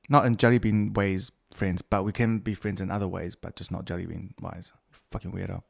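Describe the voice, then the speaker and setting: A man's voice: low-pitched, little pitch movement, a little fast, vocal fry. Middle-aged male podcast host, loose and profane, talking off the cuff. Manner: profane, rambling, self-mocking. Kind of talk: casual solo podcast monologue.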